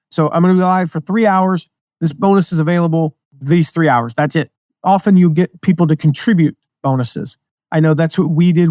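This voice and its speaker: An American man with a mostly neutral accent talks through his advice in a casual, lively way. His voice sits a little high for a man. The sound is dry and close, with almost no room behind it. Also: dry recording. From American Midwest and South. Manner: energetic, conversational, jumps into quoted voices. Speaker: podcast host, affiliate marketing teacher. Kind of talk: casual teaching monologue.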